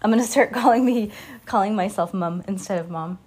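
A woman's voice: mid-range voice, brisk, darkish tone, husky. A woman in her thirties, a mother hosting a podcast, chatting with her child and reading a children's book aloud in a giggly, talkative way.

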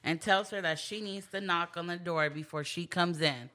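Woman, bright and forceful tone, casual retelling, quotes the characters. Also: on the low side, moderate pace. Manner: retells scenes by quoting characters. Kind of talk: casual chat recapping a show.

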